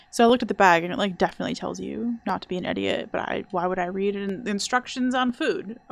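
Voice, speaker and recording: A woman's voice: mid-range voice, brisk, vocal fry, no room sound. A young adult woman streaming a video game, chatting casually in a rambling, self-deprecating way. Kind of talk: casual gameplay chat.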